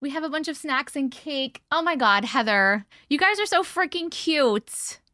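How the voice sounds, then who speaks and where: Chatty woman streamer, lively pitch. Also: moderate pace, no room sound, studio quality. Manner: chatty, greets viewers by name. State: short on sleep. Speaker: livestream host. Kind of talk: casual live-stream chat.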